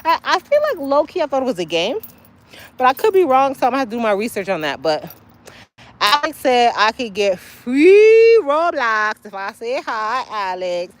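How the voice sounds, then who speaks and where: A woman hosting a casual livestream outdoors by a street, chatting straight to her viewers and breaking into sudden high exclamations. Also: very animated, normal speed. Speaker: livestream host. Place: outdoors by a street, waiting for a ride.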